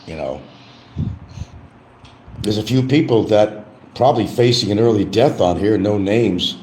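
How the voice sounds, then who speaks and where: A man's voice: fairly low pitch, measured pace, darkish tone, a little hiss or hum, rough recording. An older man hosting a livestream, talking in a casual, rambling monologue with many restarts. He keeps repeating a catchphrase in a mock sing-song lift. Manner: frequent restarts and trailing asides. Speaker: livestream host.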